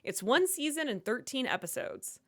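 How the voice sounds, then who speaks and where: High, lively woman reading viewer questions. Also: moderate pace. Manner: reads donations and questions aloud. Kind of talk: casual live-stream Q&A.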